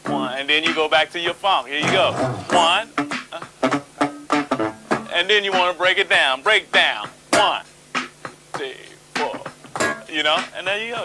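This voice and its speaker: A man's voice: fairly high pitch, brisk. A man casually explaining a rhythm, counting beats aloud, laughing often and saying "you know" a lot. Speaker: guest bassist. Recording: loud music playing under the voice.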